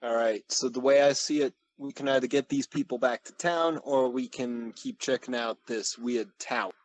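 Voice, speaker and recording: A man's voice: mid-range voice, moderate pace, low-quality recording. A man playing a tabletop game, talking casually as a detective character. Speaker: player.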